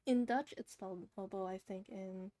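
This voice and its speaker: A woman's voice: medium pitch, fairly even intonation, moderate pace, dark tone. A young woman with a slightly nasal voice, chatting casually with her live-stream chat while drawing a commission and laughing often.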